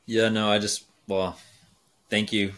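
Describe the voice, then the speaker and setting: A young man with a very low voice that stays flat in pitch but sounds bright and forceful. He talks earnestly as a podcast guest, wandering through parables with plenty of "you know" and "like". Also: takes it slowly, a little hiss or hum. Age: 20s. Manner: earnest, philosophical, tells parables with many fillers. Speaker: guest, race car driver. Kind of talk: casual podcast conversation.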